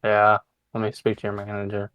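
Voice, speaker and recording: A young man co-hosting a podcast, chiming in with quick jokes in casual chat. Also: fairly low pitch, monotone, clear, resonant tone, no echo, lo-fi sound. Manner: quick joking interjections. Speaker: podcast co-host.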